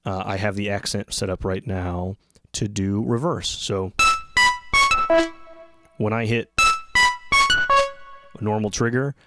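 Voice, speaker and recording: Man, somewhat low voice, casual gear demo host, loose self-interrupting explaining, close mic. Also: fairly even intonation, slow pace, pauses often, loud music behind the voice. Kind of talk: casual hands-on gear demonstration.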